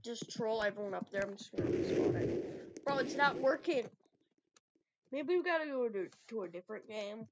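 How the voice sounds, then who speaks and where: A giggly, excitable woman narrates her own game as she trolls other players, with plenty of teasing and trash talk. Her voice sits a little high for a woman. The recording carries a clear layer of noise and clicks behind her. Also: moderate pace. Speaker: gaming video creator. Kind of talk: playful game commentary.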